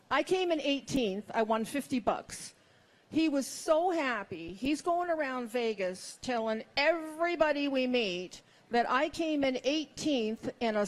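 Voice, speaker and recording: A middle-aged woman performing a stand-up comedy set, with wry, self-mocking punchlines. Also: sits high.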